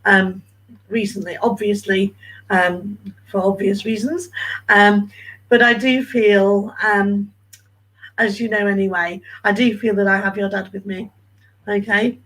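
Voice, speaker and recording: A woman working as a medium, giving a reading, emotional and hesitant with many pauses and ums. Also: medium pitch, a bit bright, rough recording.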